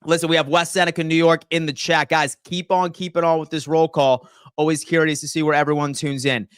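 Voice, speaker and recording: Energetic man hosting a sports livestream. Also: fairly high pitch, fairly quick, clear, resonant tone, dry recording, studio quality. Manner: energetic, reads chat shout-outs aloud. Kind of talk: live sports talk stream.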